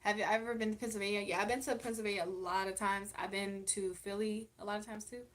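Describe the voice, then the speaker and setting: A woman's voice: medium pitch, fairly even intonation, fast talker. Blunt, outspoken woman streamer. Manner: blunt and outspoken, laughs often. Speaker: livestream host reading chat. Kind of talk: casual live chat.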